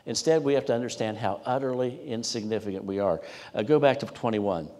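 Emphatic preacher man in a reverberant hall. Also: fairly quick. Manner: emphatic, rising loud on scripture, dropping low on asides. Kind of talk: sermon.

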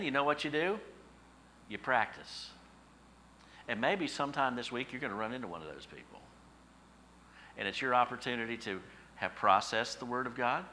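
A middle-aged male pastor preaching a sermon, telling stories with emphatic, animated repetition. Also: medium pitch, a little hiss or hum, low-quality recording.

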